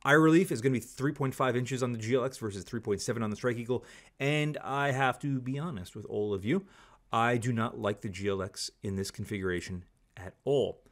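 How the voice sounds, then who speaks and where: Guy doing a casual scope review, mid pitch, candid and opinionated. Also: a little fast. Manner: candid, opinionated, repeats stock phrases.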